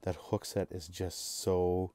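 A man giving excitable live commentary while ice fishing from a shelter on a frozen lake, with bursts of cheering and repeated exclamations. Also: low voice, takes it slowly, dry recording. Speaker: fishing vlogger.

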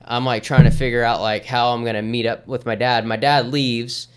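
Male guest, 30s, smooth resonant voice, relaxed rambling storyteller. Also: mid-range voice, moderate pace. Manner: easygoing, rambling, with many fillers. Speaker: podcast guest. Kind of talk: casual storytelling in conversation.

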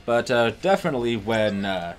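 Over soft background music, a man with a medium, sing-song voice talks at a moderate pace as co-commentator during gameplay. His chat is relaxed and chatty, and he tends to wander off into trivia lookups.

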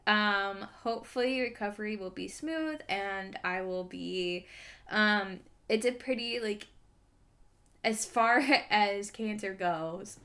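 Young woman, co-host, casual chat, halting with ums, nervous laughter, medium pitch. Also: fairly bright tone.

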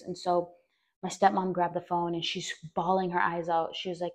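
A woman's voice: medium pitch, little pitch movement, fairly quick. A young woman hosting a podcast, telling a personal story in a rambling way with many fillers. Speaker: podcast host.

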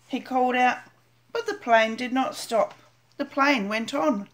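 An older woman, a grandmother, gently reading a children's picture book aloud with an expressive manner. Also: high-pitched, measured pace. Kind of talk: storybook read-aloud.

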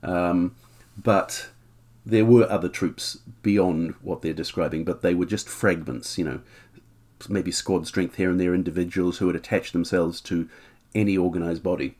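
A man narrating military history in a fairly low voice, moving between source readings and his own commentary. His asides are frank and opinionated but measured. The talk is relaxed, like a storyteller explaining the record.

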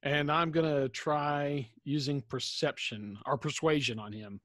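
A man's voice: a little high, steady tone, measured pace, fairly bright tone, no echo, clean studio sound. A man playing a tabletop role-playing game, switching between describing his actions and speaking in character in a genial, coaxing way with old-fashioned phrasing. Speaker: player.

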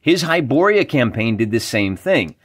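A man's voice: mid-range voice, sing-song, moderate pace, husky. A man hosting a wargaming video, talking casually and enthusiastically while reading rules aloud. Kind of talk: casual explanatory talk.

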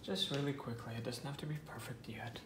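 A man teaching a step-by-step painting tutorial, talking softly and half-whispering as he works. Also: mid-range voice, steady tone, fairly quick, echoey room, noisy background. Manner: soft, half-whispered guidance while painting. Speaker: painting instructor.

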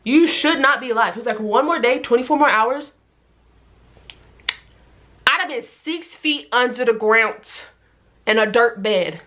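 A young woman vlogger telling a story in a casual, animated way, acting out everyone in it with big jumps in her voice. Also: a little high, unhurried, long pauses.

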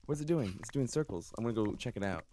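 A man's voice: lowish voice, animated, quick pace, heavy background noise. A man co-playing a game live, joking and teasing his partner. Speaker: co-player. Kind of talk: live gameplay chat.

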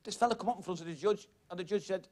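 A man doing stand-up on a TV studio stage, telling jokes in a quick, punchy way and chuckling at his own lines. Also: sits high. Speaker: stand-up comedian. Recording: loud studio audience laughter and noise.

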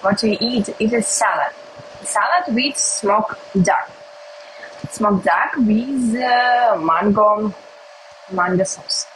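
A young woman from Russia, speaking English as a second language with a Russian accent, chats casually with her livestream viewers. She talks slowly and haltingly, in simple words, at a mid pitch. Faint noise sits behind her phone recording. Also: fairly bright tone, rough recording. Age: young adult. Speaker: livestream host.

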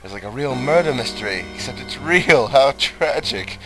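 A young man giving loud, profane let's play commentary with frequent laughing outbursts. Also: medium pitch, animated, moderate pace, over music. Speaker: let's player.

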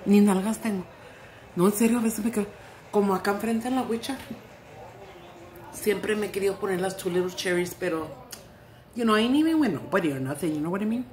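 A woman's voice: medium pitch, fast talker, long pauses, darkish tone. A middle-aged woman vlogger chatting casually while eating, telling stories in a salty, profane, giggly way.

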